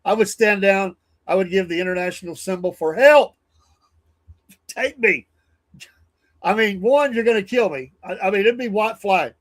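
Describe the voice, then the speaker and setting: Male host, fairly high voice, rambling casual political commentary, chuckles often. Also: moderate pace, pauses often.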